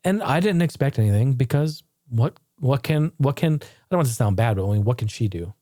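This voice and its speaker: A man's voice: mid-range voice, expressive, brisk, mellow, dry recording, clean studio sound. A man telling his own story in a candid personal retrospective, blunt and profane, rambling with frequent restarts. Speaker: channel host. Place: home.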